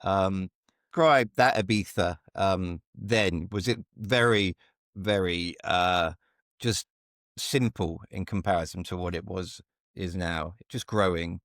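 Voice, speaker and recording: Low-voiced male podcast host. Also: slow, a bit bright, no room sound, clean studio sound. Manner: affirming, asks questions with hesitations. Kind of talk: casual interview.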